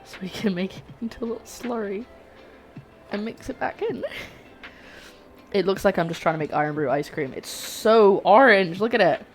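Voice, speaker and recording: A woman's voice: mid-range voice, lively intonation, moderate pace, long pauses, darkish tone. A young woman streaming herself cooking, chatting and rambling to her viewers while she works in her home kitchen. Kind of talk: live-stream cooking chat. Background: faint background music.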